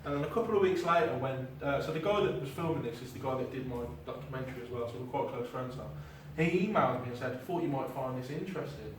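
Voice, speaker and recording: A man's voice: mid-range voice, lively intonation, fast, few pauses. A man giving a casual, chatty talk to a live audience as a paranormal investigator, with plenty of ums and self-deprecating asides. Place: hall with an audience. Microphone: clip-on mic heard from a distance. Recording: very echoey hall, distant mic, noisy.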